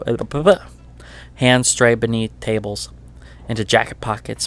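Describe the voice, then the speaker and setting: A man's voice: mid-range voice, moderate pace. A man narrating as game master of a tabletop game, describing scenes with frequent stumbles and self-corrections.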